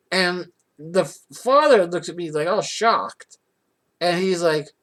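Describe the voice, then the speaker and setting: In an unhurried, mid-range voice, a vlogger recounts something personal. It comes out casual and rambling, animated and riddled with restarts, with indignation climbing along the way.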